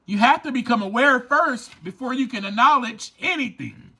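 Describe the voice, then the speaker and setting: A man's voice: very high-pitched, expressive, moderate pace, bright, forceful tone, husky. A man hosting a motivational podcast, talking emphatically and repeating his key points. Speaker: podcast host and author. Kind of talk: motivational recovery podcast talk.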